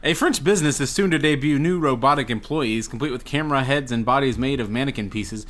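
A man's voice: mid-range voice, quick pace, a bit bright. Man hosting a goofy headline quiz. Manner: reads headlines with silly rhyming intros. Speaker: quiz host. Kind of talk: casual podcast quiz banter.

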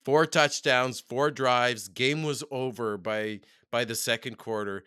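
A Canadian man co-hosting a casual sports chat show, animated and quick to laugh as he talks football. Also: mid-range voice, clean tone, no echo, clean studio sound. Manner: excitable, animated, laughs often. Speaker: podcast co-host.

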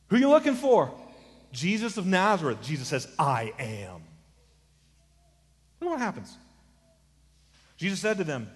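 A man preaching an expository sermon, swinging from quiet asides to emphatic lines, mixing in casual remarks. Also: on the high side, big-room sound. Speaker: pastor.

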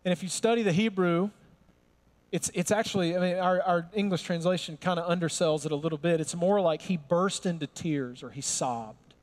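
A man's voice: high voice, normal speed, darkish tone. A man preaching a sermon in a conversational, humorous way, with emphatic rises in his voice. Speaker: pastor.

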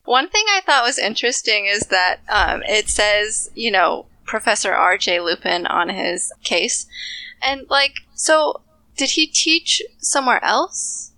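A woman's voice: medium pitch, sing-song, a little slow, pushed and bright, no echo, poor audio. A woman guest on a casual book podcast, easygoing and a little hesitant.

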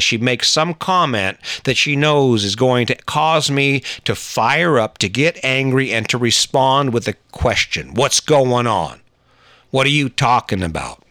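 A man's voice: mid-range voice, sharp tone, no echo, studio quality. A middle-aged man telling a personal story and giving relationship advice in an earnest, conversational way, often restarting his sentences.

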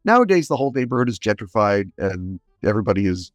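A man's voice: fairly low pitch, sing-song, fast talker, dry recording, highs cut off. A man co-hosting a film podcast in casual chat, speaking bluntly and critically. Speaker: podcast co-host.

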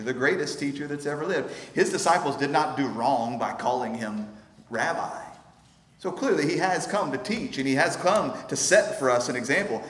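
A man preaching a sermon as pastor, earnest and emphatic, slowing down to stress key phrases. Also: fairly high pitch, a bit bright. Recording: roomy hall with long reverb.

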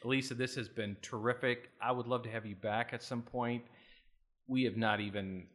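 A man's voice: mid-range voice, fairly even intonation, normal speed, fairly bright tone. A man co-hosting a podcast, talking casually and self-deprecatingly, with frequent restarts. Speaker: podcast co-host.

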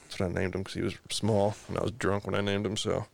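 A man's voice: low-pitched, flat delivery, fast, gravelly, slight background noise. A young adult man telling a rambling, profane anecdote in casual chat.

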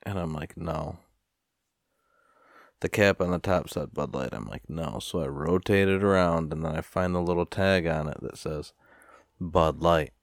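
A man's voice: deep voice, normal speed, no room sound, clean studio sound. A man telling a rambling, profane story in a casual rant, sighing now and then. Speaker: vlogger.

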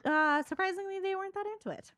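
A young woman co-hosting a podcast, telling history in a jokey, animated way with frequent laughter. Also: extremely high pitch, fast, dry recording. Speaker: podcast co-host. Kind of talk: casual chat.

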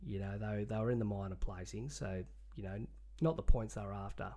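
An Australian man co-hosting a casual sports podcast, animated and jokey, calling his mate "mate" a lot. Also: fairly low pitch, fairly quick. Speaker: podcast co-host.

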